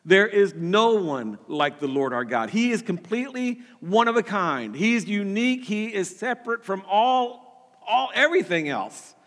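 Man, pastor, sermon, high voice, earnest, repeats words, reverberant hall. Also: very animated, measured pace, a bit bright.

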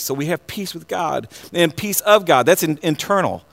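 A man preaching a sermon, earnest, often repeating words and restarting, then building to loud excited passages. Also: a little high, moderate pace, vocal fry. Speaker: pastor.

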